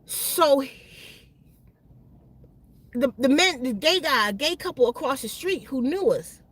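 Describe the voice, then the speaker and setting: Woman w a high voice spilling a wild personal story, slangy, keeps restarting words. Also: expressive, slow, a bit bright. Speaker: channel host.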